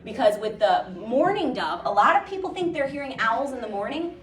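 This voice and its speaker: A chatty woman nature educator talks lightly and playfully to a live group. Her voice sits a little high. She sounds far from the mic, in a room with a clear echo. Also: very animated, a little fast. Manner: chatty and playful, imitating bird calls. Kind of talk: live educational talk to an audience. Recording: echoey room, distant mic.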